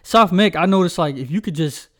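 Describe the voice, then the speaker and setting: A young man with a slightly high voice chats casually as a podcast co-host. He rambles through stories, leaning on fillers and restarts. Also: fairly quick. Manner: rambling storytelling with many fillers. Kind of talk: casual chat.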